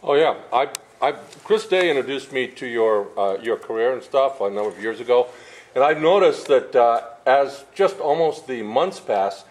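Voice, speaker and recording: A man's voice: medium pitch, expressive, normal speed, rough recording. A man in the audience asking a question at a convention panel, hesitant and restarting his phrasing.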